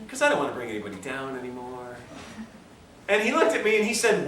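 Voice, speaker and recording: Bright-voiced man telling a joking story. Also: a little high, big pitch swings, fast talker, slight background noise. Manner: chatty, joking, self-mocking asides. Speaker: lecturer at a health institute. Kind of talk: humorous storytelling lecture. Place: lecture room at a health institute. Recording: echoey room, distant mic, faint ambience.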